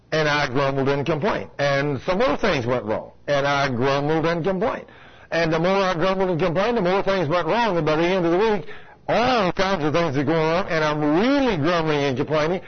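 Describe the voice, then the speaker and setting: A man's voice: a little high, lively intonation, normal speed, dull audio. A man preaching a sermon, telling a folksy story and asking the congregation rhetorical questions. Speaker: pastor. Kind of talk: sermon with anecdote.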